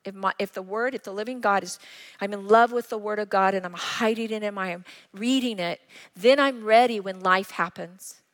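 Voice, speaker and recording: A woman's voice: mid-range voice, normal speed, fairly bright tone. A middle-aged woman pastor preaching a sermon, telling personal stories in an earnest way. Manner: personal, earnest storytelling with acted quotes. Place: church. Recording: long reverb of a church hall.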